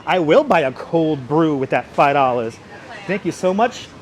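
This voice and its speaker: A man's voice: on the high side, expressive, normal speed. A man hosting a walking livestream outdoors on a city park walkway, joking with viewers, thanking them by name and breaking into playful singing, on a clip-on wireless mic. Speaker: livestream host. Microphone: wireless clip-on mic, phone on gimbal.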